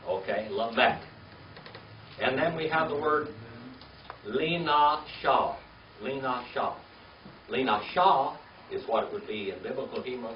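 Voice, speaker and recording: Patient older man teaching a class. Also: normal speed. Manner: patient, coaxing, checks in with "okay?" and "all right?". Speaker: Hebrew teacher. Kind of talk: classroom lesson, spelling out words. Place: classroom with students. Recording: roomy, distant, dull low-fi with faint hiss.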